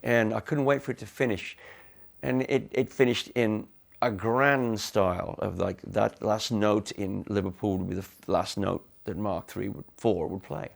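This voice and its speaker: Gravelly-voiced man recalling his past frankly. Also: fairly low pitch, steady tone. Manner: frank, halting, with restarts. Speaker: interviewee, former band member. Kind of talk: candid reflective storytelling.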